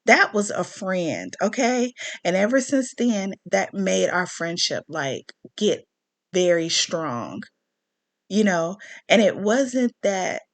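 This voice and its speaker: A woman talks straight to her viewers in a loose, ranting monologue, stopping often to check in with an "okay?" or a "you know?". Her pitch sits in the middle range for a woman, and her delivery is plain and conversational. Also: lively intonation, takes it slowly. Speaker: commentary channel host.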